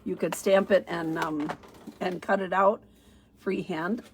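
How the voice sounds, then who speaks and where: Unhurried middle-aged woman, lowish voice, casual crafting demo, chatty with fillers, allergy-stuffy, faint room noise. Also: steady tone. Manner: chatty, thinks aloud, frequent fillers. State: sniffly with allergies, sneezing. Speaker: stamping demonstrator.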